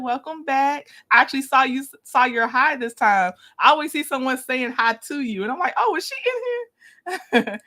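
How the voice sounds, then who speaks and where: A woman hosting a casual livestream, greeting viewers by name, lively and quick to laugh. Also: high voice. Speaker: livestream host.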